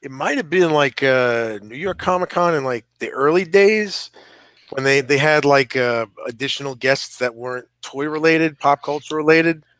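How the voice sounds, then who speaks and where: A man's voice: on the high side, normal speed, a bit bright, smooth, no echo. A man on a podcast panel telling a rambling story, full of fillers. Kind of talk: casual storytelling.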